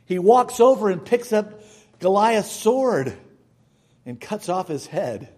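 High-voiced, slow storytelling preacher. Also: male voice, very animated, slightly rough. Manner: storytelling, dramatic swings in loudness. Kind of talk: sermon.

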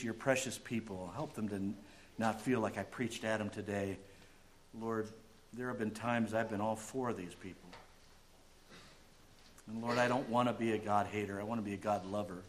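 A male pastor preaching a sermon, animated and conversational, dropping to quiet asides and rising to loud emphatic bursts. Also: fairly low pitch, slight background noise.

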